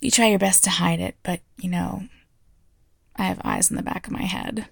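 A woman's voice: on the low side, fairly even intonation, moderate pace, gravelly, husky, dry recording, clean studio sound, full character voice. A woman voicing a frank, playful female teacher in an audio role-play, teasing and laughing often.

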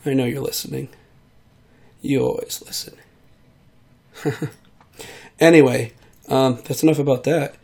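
A man's voice: mid-range voice, fairly even intonation, a little slow, gravelly, pauses often, warm tone, husky. A man who is sick, rambling in a casual monologue and trailing off with many fillers. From United States. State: sick, voice hard to control. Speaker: vlogger.

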